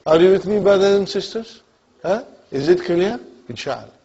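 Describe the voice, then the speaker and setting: A man's voice: high-pitched, lively intonation, moderate pace, warm tone, husky, muffled recording. A man teaching an Arabic grammar class, often asking whether students follow and calling on them by name. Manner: checks understanding often, calls on students by name.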